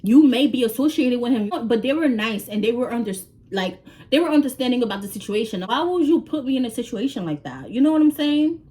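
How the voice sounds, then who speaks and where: Animated New woman telling a story. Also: on the high side, a little fast. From New York. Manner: animated, swears freely, acts out quoted dialogue. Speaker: vlogger. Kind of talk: casual storytime vlog.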